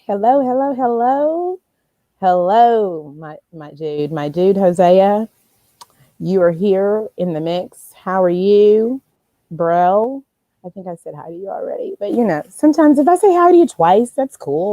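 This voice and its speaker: A woman's voice: fairly low pitch, mellow, dry recording. A woman hosting a casual live stream, rambling chattily and greeting viewers by name.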